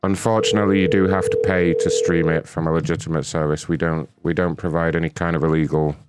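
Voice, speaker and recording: A man's voice: sits low, little pitch movement, fast, loud music behind the voice. A man hosting a prank call show, talking in crude, mocking, rambling banter. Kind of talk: casual profane banter.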